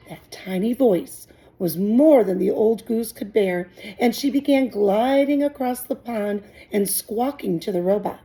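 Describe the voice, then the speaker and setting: A woman teacher reading a children's book aloud with calm, clear storytelling. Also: medium pitch, measured pace, hardly any pauses, rough recording.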